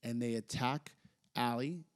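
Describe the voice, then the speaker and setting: A man's voice: medium pitch, measured pace. Guy co-hosting a chat podcast, rambly, lots of uhs, gets fired up. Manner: rambling, hesitant, gets excited. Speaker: podcast co-host. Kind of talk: casual chat recapping wrestling.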